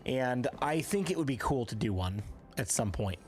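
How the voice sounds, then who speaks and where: Male live game streamer, animated pitch, soft music underneath. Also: moderate pace. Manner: chatty, reads chat aloud and answers viewers. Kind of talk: live gameplay stream chat.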